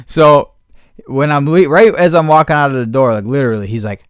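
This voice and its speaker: A man's voice: a little high, moderate pace, long pauses, clear, resonant tone, no echo, clean studio sound. A man hosting a podcast, telling a rambling, profane story in a casual rant and mimicking the people he dealt with. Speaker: podcast host.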